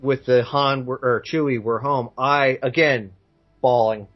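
A man co-hosting a podcast in casual chat, enthusiastic and halting, with frequent restarts. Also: medium pitch, fairly even intonation, highs cut off, soft background music. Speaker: podcast co-host.

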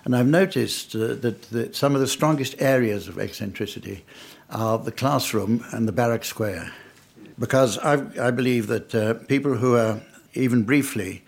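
A man's voice: medium pitch, normal speed, vocal fry, breathy edge. Older man telling dry, wry anecdotes. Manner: dry, wry, understated delivery with audience laughter. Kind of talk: anecdotal storytelling talk.

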